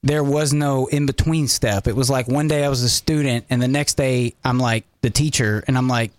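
Man, finance talk, animated, rambling, dry close sound. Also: mid-range voice, moderate pace, no echo. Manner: animated, rambling, full of fillers. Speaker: finance guest. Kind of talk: casual chat.

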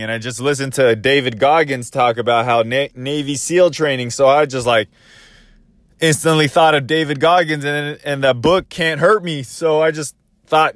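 A man's voice: medium pitch, fairly even intonation, moderate pace, fairly bright tone, dry recording, clean studio sound. A man casually telling a first-person story, rambling and restarting as he quotes his own thoughts.

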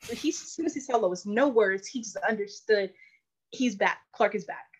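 A woman's voice: medium pitch, moderate pace, husky, low-quality recording. A woman co-hosting a casual podcast, thoughtful and hesitant, often restarting her sentences. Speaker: podcast co-host. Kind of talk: casual chat.

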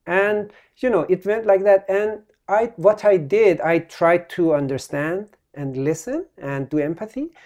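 Mellow-voiced man telling a halting story. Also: sits high. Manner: halting, with many restarts and trailing phrases. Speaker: physician guest. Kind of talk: telling a story in a podcast interview.

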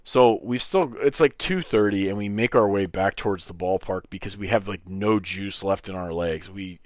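A man in his thirties hosting a podcast, telling a long personal story in a casual, animated way and acting out the other people's lines. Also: deep voice, moderate pace, dry recording, clean studio sound. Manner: animated storyteller who acts out quoted voices, swears freely. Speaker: podcast host.

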